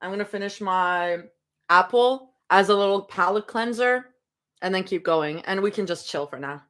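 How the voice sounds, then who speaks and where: A woman's voice: mid-range voice, normal speed, fairly bright tone. A young woman streaming from home, chatting casually and rambling between snacks during a live reading. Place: home room.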